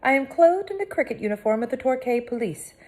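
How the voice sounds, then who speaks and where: A woman voicing an excitable young boy who talks in formal, exclamatory phrases. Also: high-pitched, quick pace, voice pushed up. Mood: earnest.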